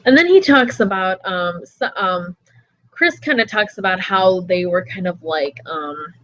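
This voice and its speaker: A woman's voice: on the low side, lively intonation, a little slow, fairly bright tone. Rambling woman recapping an interview. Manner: rambling, with many fillers like "everything like that". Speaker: wrestling show host. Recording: slightly dull lo-fi audio.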